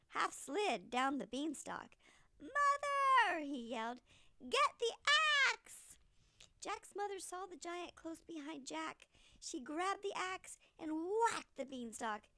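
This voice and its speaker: Animated woman reading a storybook aloud. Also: sits high, gravelly, no room sound, studio quality.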